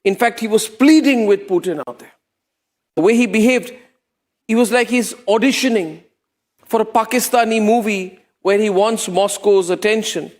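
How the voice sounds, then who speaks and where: Male TV debate anchor, very high voice, scornful and rhetorical, long reverb on the voice. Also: normal speed. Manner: sarcastic, scornful, emphatic, rhetorical questions. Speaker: news debate host. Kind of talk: heated televised monologue.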